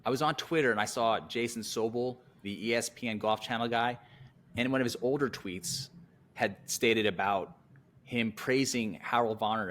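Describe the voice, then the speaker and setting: Man, slightly low voice, golf podcast host, direct and plain-spoken. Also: fairly bright tone. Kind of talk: casual chat and reading a document aloud.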